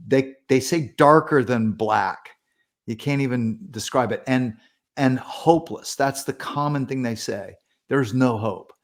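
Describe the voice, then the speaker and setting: A man, a pastor and author as a podcast guest, retelling accounts earnestly and acting out the voices of the people in them. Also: medium pitch. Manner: earnest, animated retelling with quoted dialogue. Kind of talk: storytelling in a podcast interview.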